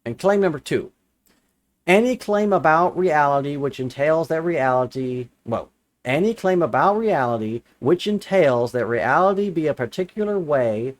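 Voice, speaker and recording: A man's voice: on the high side, lively intonation, normal speed. A young adult man commenting on a viewer's comment, sarcastic and exasperated, repeating lines for emphasis. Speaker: religious commentator answering comments. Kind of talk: casual commentary reading and rebutting a comment.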